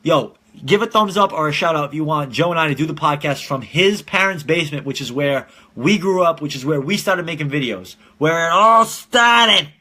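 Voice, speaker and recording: A man's voice: on the high side, lively intonation, a little fast, few pauses, bright, forceful tone. A man in his twenties hosting a casual live-streamed podcast from home, telling rambling, profane stories and laughing often. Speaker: podcast host.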